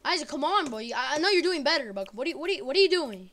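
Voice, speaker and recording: Loud trash-talking woman gamer. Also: high-pitched, very animated, very fast. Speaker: gamer streaming with teammates. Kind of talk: live game-stream chatter. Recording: noisy stream audio.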